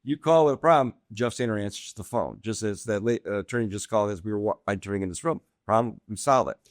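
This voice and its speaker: A man's voice: lowish voice, fast talker, no echo, studio quality. Middle-aged man telling funny stories. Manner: animated anecdotes with frequent laughter. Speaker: guest real estate agent. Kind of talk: casual podcast storytelling. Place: indoor podcast room.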